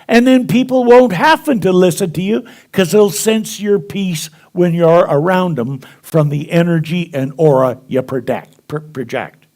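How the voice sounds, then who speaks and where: A man preaching a sermon, telling stories to a congregation and acting out the dialogue with chuckles along the way. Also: high-pitched. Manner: storytelling, acts out dialogue, chuckles. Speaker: minister. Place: spiritual center congregation.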